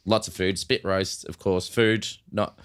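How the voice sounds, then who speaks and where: Rambling Australian man with a lowish voice. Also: steady tone, a little slow, a bit bright, clean tone. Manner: rambling storytelling with fillers. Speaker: podcast co-host. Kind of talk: casual sports chat.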